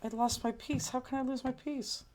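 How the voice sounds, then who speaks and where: A woman's voice: sits high, fairly even intonation, moderate pace, very noisy. A woman teaching a live online crafting class in casual, chatty talk, exclaiming and fretting as she looks for things, sometimes moving away from the mic. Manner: chatty, exclaiming, fretful while searching.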